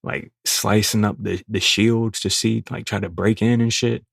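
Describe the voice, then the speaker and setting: A young man, hosting a podcast and telling a crude, profane story in a casual, animated way. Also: fairly low pitch, normal speed, creaky, dry recording, clean studio sound. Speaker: podcast host.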